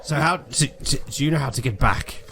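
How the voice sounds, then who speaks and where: A man playing a tabletop game in character, asking questions and trying to calm others down. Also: medium pitch, fairly quick, gravelly, a little hiss or hum. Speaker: player.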